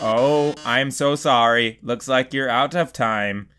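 A man's voice: medium pitch, slow, fairly bright tone, faint music behind. A man voicing a flamboyant male robot TV star with a dramatic, purring delivery, reading game dialogue aloud. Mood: theatrical.

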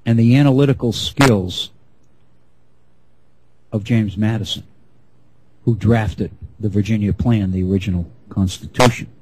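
A middle-aged man giving an unscripted history lecture, measured and often restarting his phrases. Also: fairly low pitch, a little mellow, husky, poor audio.

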